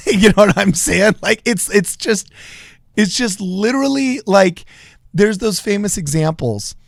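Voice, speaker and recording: A man's voice: high voice, animated, measured pace, vocal fry, no room sound, clean studio sound. A man co-hosting a political podcast, talking earnestly in a casual way, often restarting and repeating phrases, with bursts of laughter. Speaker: co-host.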